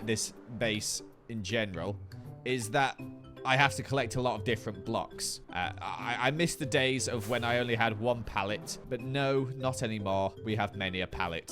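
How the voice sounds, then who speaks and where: A man giving playful, self-mocking commentary as a Minecraft YouTuber. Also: medium pitch. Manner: jokey, self-mocking, animated.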